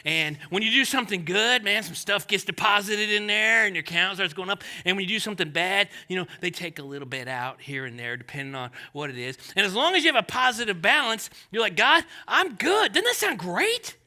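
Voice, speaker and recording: High, bright-voiced male pastor preaching. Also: fast, hardly any pauses. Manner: animated, conversational with jokey asides. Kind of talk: sermon.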